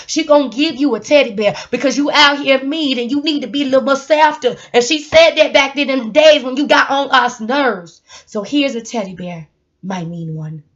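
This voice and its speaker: A woman giving a casual, rambling motivational talk, laughing often and swinging from loud to hushed. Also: high voice, dull audio. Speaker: motivational vlogger.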